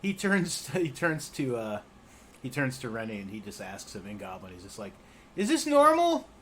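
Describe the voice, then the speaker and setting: A man running a tabletop role-playing game as game master, narrating with animated, laughing delivery. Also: lowish voice, normal speed, slight background noise.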